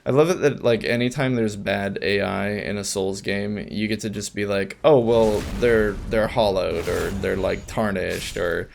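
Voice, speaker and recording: A man's voice: fairly low pitch, steady tone, normal speed, vocal fry, few pauses. A man giving casual, rambling commentary while playing a video game, with chatty asides and frequent restarts. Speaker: let's play gamer.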